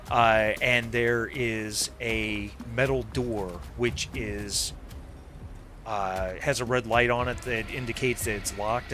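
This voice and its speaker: A man narrating a tabletop game as game master, casual and halting. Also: lowish voice. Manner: casual, halting with many fillers.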